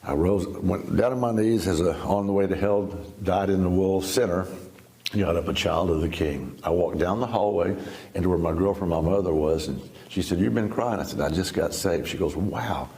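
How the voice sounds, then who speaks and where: Speaking at a normal speed in a deep, warm voice, a man in his seventies recounts his life as a guest in an interview. His testimony is folksy and full of laughter and storytelling.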